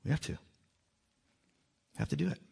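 A man with children, a worship leader giving a joking testimony talk to a church that rises into loud, urgent exhortation. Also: moderate pace. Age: adult with children. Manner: joking, self-mocking, often laughing.

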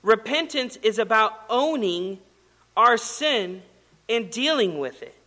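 A man delivers a sermon in a loose, conversational way, telling stories with lively flair. His voice sits high and sounds bright. Long reverb trails each phrase, as in a large hall. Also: slow. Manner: conversational, animated storytelling with acted quotes. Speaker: pastor.

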